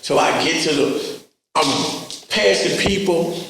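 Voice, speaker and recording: A middle-aged man tells profane stories with lively energy, and his voice sits a little high with a gravelly edge. The recording comes from an echoey room, with the mic set back from him. A faint hiss runs underneath. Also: a little slow, far from the mic. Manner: animated, profane street storytelling, acts out voices. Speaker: interview guest. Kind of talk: casual storytelling interview.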